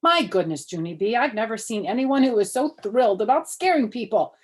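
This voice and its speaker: A woman's voice: a little high, expressive, brisk, breathy edge, voice pushed up. An older woman voicing a firm, scolding mother in a storybook reading. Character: scolding mother of a young girl.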